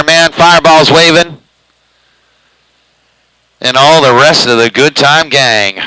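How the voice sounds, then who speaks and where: A man's voice: mid-range voice, pushed and bright, clear, resonant tone, dry recording, rough recording. A man running a live CB radio station at home, chatting loosely with a drawl and speaking right up on the microphone. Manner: loose drawling talk, says he eats the microphone. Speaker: CB radio operator streaming live. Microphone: very close to the microphone.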